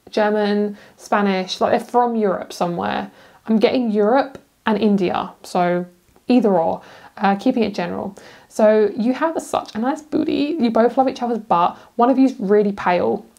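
Young British woman, chatty tarot reader, casual and giggly, mid-pitched. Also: gravelly, a little mellow. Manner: chatty, giggly, rambling with fillers. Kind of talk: casual pick-a-card tarot reading.

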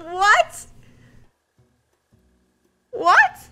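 A woman streaming a game, chatting casually with viewers, reading chat aloud and squealing with excited giggles. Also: a little high, a little slow, long pauses, faint music behind. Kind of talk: casual live-stream chat while gaming.

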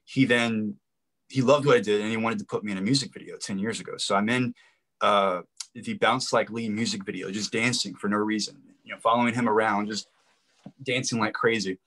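Low-voiced male guest telling stories. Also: a little fast. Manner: storytelling, lively anecdotes. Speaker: actor and comedian guest. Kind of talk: casual conversational interview.

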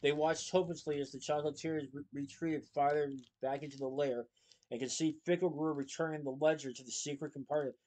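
A man reads a children's novel aloud in a steady, expressive narrating voice. His pitch sits a little above the usual for a man. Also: a little fast, poor audio. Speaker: storybook reader.

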